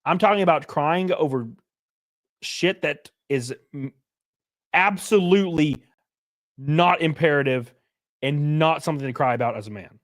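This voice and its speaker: A man's voice: on the high side, measured pace, long pauses. A man hosting a live stream, ranting bluntly and profanely and reading chat messages aloud. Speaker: streamer host. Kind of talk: casual live-stream reaction rant.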